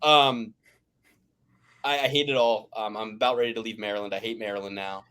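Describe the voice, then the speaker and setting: A man's voice: fairly low pitch, fairly even intonation, fairly quick, bright, forceful tone, smooth. A man from the Philadelphia area rambles through a casual sports chat. He rants hard, swears freely and restarts his sentences often. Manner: ranting, profane, rambling with restarts. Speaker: podcast host.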